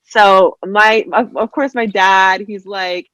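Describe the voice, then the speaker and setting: A woman from New Jersey, a writer guesting on a podcast, telling stories in a casual, animated way, full of "like" and "you know," and acting out other people's voices. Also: mid-range voice, slow pace, smooth, no echo. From New Jersey, USA. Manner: heavy use of "like" and "you know". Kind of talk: casual interview storytelling.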